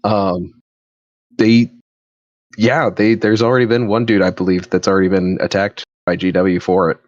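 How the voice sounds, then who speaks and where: A man's voice: deep voice, level tone, normal speed, dry recording, dull audio. A man co-hosting a casual podcast chat, rambling with frequent restarts. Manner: rambling, restarts often, trails off. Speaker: podcast co-host.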